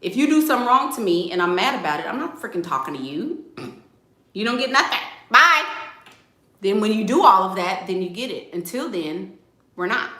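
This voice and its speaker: A woman's voice: mid-range voice, animated, brisk, a bit bright, reverberant. A woman dating coach on a livestream, giving blunt, sassy and playful advice and reading out viewer comments.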